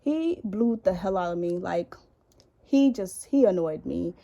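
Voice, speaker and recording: A woman's voice: on the low side, lively intonation, a little slow, vocal fry, mellow, dull audio. A young woman telling a rambling, profane story in a casual makeup vlog, recorded indoors at home on a camera in front of her. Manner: chatty, profane, rambling, with many likes. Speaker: beauty vlogger.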